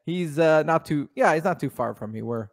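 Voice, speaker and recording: A man from Canada with a Canadian accent that has an Italian tinge, co-hosting a casual podcast and quick to agree and laugh. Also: on the high side, expressive. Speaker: podcast co-host.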